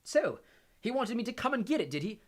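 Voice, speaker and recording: A man's voice: very high-pitched, sing-song, fairly quick, voice pushed up, full character voice. A man voicing a defiant, tense teenage boy wizard in an audiobook reading. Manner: urgent, defiant.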